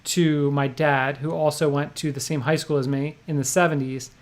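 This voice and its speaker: A man's voice: a little high, little pitch movement, normal speed. A middle-aged man with a New Jersey accent, co-hosting a livestream and reading viewer comments in a laid-back, joking way. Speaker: livestream co-host.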